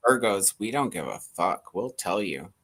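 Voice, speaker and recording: A woman's voice: rumbling low, big pitch swings, moderate pace, a bit bright, breathy edge. A woman in casual chat, dry and laid-back, swearing now and then.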